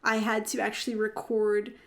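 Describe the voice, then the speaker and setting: A woman's voice: medium pitch, little pitch movement, normal speed. A woman co-hosting a podcast in casual chat, rambling with fillers and giggling often. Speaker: podcast co-host.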